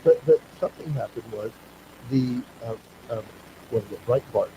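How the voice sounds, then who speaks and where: A man hosting a talk show, speaking in a halting way with many fillers and restarts. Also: medium pitch, expressive, gravelly, dark tone, a little hiss or hum, low-quality recording. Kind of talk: casual talk-show conversation.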